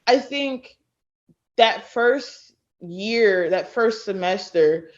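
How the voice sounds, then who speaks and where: A woman in her late twenties from Texas, a podcast guest who tells stories in a lively way and acts out what others said. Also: medium pitch, drawn-out words. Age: late 20s. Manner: animated storyteller who acts out quoted people. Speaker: guest, former college thrower. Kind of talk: casual podcast interview. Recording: dull lo-fi sound.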